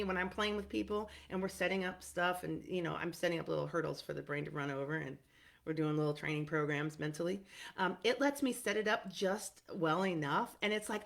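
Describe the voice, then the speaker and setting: A middle-aged woman therapist teaching in a casual, animated way, often checking in with "right?" and filling pauses with "um". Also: mid-range voice, vocal fry. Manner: animated and emphatic, frequent "right?" and "um".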